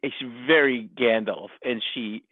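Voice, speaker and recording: A man, a writer, telling a story in a relaxed interview, animated and laughing often as he acts out the voices of people he quotes. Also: medium pitch, unhurried, no room sound. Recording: tinny phone-line sound.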